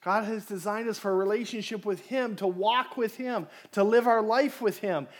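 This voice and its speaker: High-voiced man preaching a sermon. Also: moderate pace. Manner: conversational, asks the congregation questions, acts out inner voices. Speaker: pastor.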